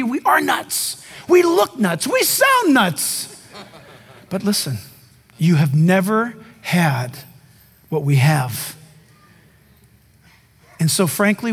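Man, pastor, high voice, emphatic animated sermon, comic asides, long hall reverb. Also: breathy edge.

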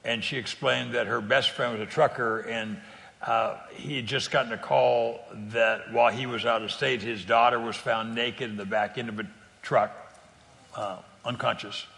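Earnest older man with a gravelly voice. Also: mid-range voice, steady tone, moderate pace, sharp tone, long reverb tail. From California. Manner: earnest storyteller, repeats words, laughs easily. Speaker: guest speaker on faith sharing. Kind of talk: conversational testimony.

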